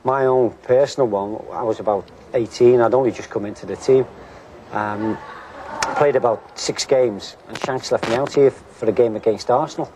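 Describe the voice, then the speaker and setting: A man's voice: mid-range voice, normal speed. A man who used to play football tells a candid, self-deprecating story about his early days in the team. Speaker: former footballer interviewee. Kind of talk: reminiscing interview. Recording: noticeable background hiss.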